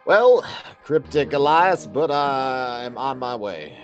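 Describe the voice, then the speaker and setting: A man voicing a courtly, suave gentleman with a put-on American Southern accent, playing a tabletop game. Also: medium pitch, lively intonation, takes it slowly, highs cut off, faint music behind, pitched above the performer's own voice. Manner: courtly, formal.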